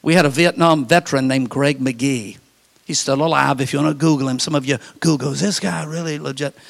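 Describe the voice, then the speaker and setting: Gravelly preacher telling funny stories. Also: male voice, mid-range voice, fairly even intonation, fairly quick, in a large hall. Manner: humorous, confiding storyteller. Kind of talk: storytelling sermon.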